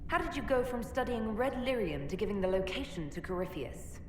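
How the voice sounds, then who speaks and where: Actress as a quick, pointed heroine questioning allies, distant game audio in an echoey hall. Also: female voice, fairly high pitch, lively intonation, a little mellow, a little hiss or hum, lightly acted. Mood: probing.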